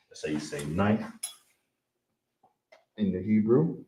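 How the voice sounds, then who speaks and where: A man with a Chicago accent teaching an online language class, saying words slowly and repeating them, often checking that listeners understand. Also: low voice. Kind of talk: online language lesson, livestream. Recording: roomy echo, distant mic, faint noise.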